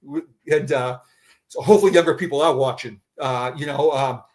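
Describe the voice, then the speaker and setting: A middle-aged man, a retired police officer, telling a personal story in conversation, halting and often repeating words. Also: medium pitch, darkish tone.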